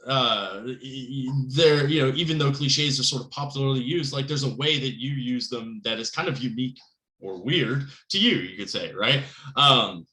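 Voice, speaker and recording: Animated male lecturer in an echoey room. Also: normal speed. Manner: conversational, rambling with frequent "right?" and "um"; animated, pitch jumps up on emphasis. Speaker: writing instructor. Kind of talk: recorded lecture.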